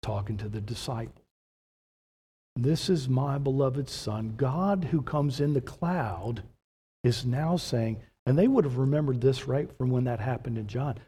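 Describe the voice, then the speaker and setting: A man's voice: medium pitch, husky. A man preaching a sermon as pastor, asking rhetorical questions and building to emphatic points. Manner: animated preaching with rhetorical questions, slow measured delivery.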